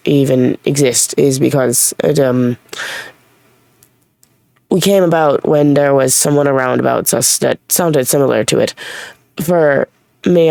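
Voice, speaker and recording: A gravelly, creaky voice with a light Irish lilt rambles through an unscripted talk to camera. It is blunt, swears now and then, and keeps correcting itself. The sound is dry and close, with no room around it. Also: medium pitch, a little mellow, no room sound. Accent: light Irish-tinged. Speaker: vlogger speaking as an alter named Reese.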